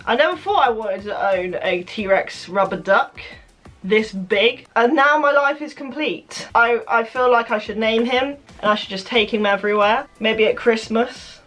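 Excitable young woman vlogger. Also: on the high side. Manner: excitable, gushing, squeals and laughs. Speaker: YouTuber. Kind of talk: unboxing vlog.

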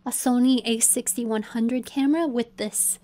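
Young female streamer, high and mellow, casual bedroom chat, bubbly and rambling. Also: normal speed. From United States. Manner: chatty and excitable, restarts and laughs.

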